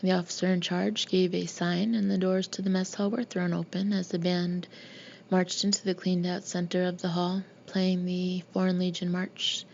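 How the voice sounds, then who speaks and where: A woman narrating an audiobook in a steady, even reading voice. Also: fairly low pitch, moderate pace, creaky. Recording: dull lo-fi recording with faint hiss.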